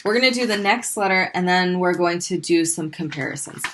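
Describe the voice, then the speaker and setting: Woman language teacher, slightly low pitch, patient classroom explainer who drills sounds. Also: a bit bright, slight background noise. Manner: patient, repeats sounds slowly and clearly for drilling. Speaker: Arabic teacher. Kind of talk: classroom lesson explaining pronunciation.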